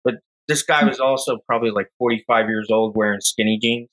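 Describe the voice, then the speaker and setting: A young man with a bright, forward voice tells a story to podcast hosts. He rambles casually, filling gaps with "um" and "like" as he pieces the story together. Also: mid-range voice, fairly quick, low-quality recording. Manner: rambling, relaxed storyteller with many fillers. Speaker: podcast guest, falconer.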